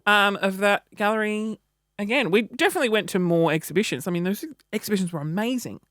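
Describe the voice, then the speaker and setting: A woman, telling a story in a casual vlog with animated, wry delivery. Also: mid-range voice, fast, dry recording, studio quality. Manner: animated, wry, acts out quoted reactions. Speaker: vlogger.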